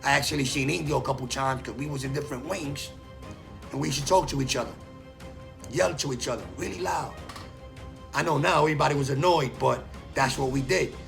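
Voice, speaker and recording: A man telling a story from his own life in a loose, animated way, acting out the people he quotes and swearing freely. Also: medium pitch, fairly quick, creaky, faint music behind. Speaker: storyteller recounting prison life. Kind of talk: casual storytelling monologue.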